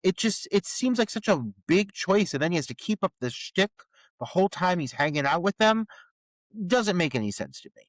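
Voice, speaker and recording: Man, podcast co-host, lively swooping delivery, close dry mic, swearing exasperated critique. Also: sits high, moderate pace, dry recording. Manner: incredulous, profane ranting critique. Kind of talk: casual movie review chat.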